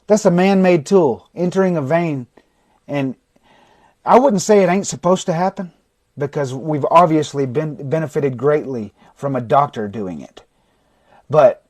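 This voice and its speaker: A man's voice: on the high side, normal speed, no echo. Blunt, intense recovery coach, man. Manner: blunt, swearing, intense; swings from shouting to quiet. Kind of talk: livestream talk to viewers. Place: indoors, livestream. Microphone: phone or webcam mic.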